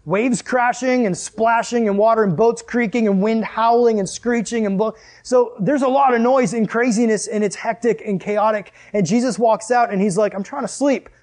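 High-voiced, jokey man preaching. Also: moderate pace, hardly any pauses. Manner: animated, jokey, laughs often. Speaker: pastor. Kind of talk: sermon.

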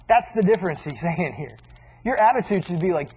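A man preaching a sermon in a casual, animated way, acting out little asides as he teaches. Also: sits high, fairly quick, poor audio.

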